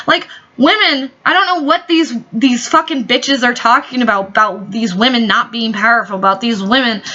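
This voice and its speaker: A woman's voice: very high voice, sharp tone. A woman ranting in a vlog, heated, sarcastic and full of swearing. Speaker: vlogger. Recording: dull lo-fi recording.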